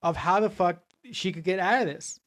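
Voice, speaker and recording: A woman co-hosting a casual movie review podcast, talking in halting restarts and swearing bluntly. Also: on the low side. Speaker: podcast co-host.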